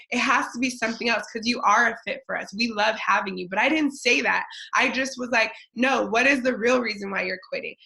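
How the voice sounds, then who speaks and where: A woman's voice: a little high, pushed and bright, rough recording. A woman in her thirties giving a chatty motivational talk, telling a personal story with lots of fillers. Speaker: motivational speaker.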